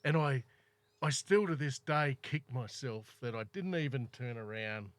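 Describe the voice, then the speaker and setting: A man's voice: mid-range voice, measured pace, no room sound. An Australian man telling a travel story in casual chat, rambling and swearing freely as he acts out quotes. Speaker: podcast guest.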